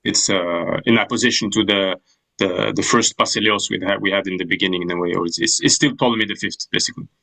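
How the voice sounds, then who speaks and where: A man's voice: on the low side, steady tone, fast, gravelly, pushed and bright, rough recording. Thoughtful male grammar teacher on a call. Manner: thoughtful, hesitant, many restarts. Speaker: language teacher. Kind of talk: online class explaining ancient Greek grammar.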